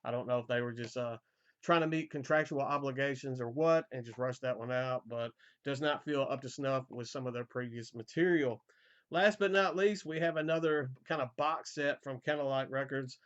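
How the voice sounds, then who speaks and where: Male vlogger, hoarse, easygoing record-collector chatter, muffled low-fi sound. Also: moderate pace. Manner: relaxed, rambling, frequent fillers and repeated starts. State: voice going hoarse. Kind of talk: casual album collection update.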